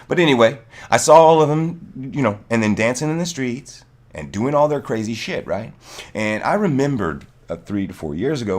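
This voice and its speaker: Low-voiced man ranting heatedly. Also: darkish tone. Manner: heated, swearing, emphatic. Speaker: livestream host. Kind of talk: casual political rant.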